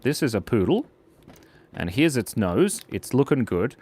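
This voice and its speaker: A man's voice: medium pitch, big pitch swings, a little slow, darkish tone, husky. An Australian man hosting a playful live drawing stream for kids, joking with viewers as he draws. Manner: playful, jokey, chatting to viewers while drawing. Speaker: art stream host.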